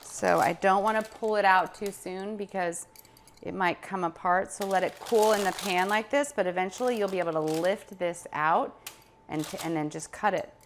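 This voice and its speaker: A woman's voice: medium pitch, steady tone, normal speed, slight background noise. A middle-aged woman chatting casually as she demonstrates a recipe in her home kitchen. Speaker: cooking show host.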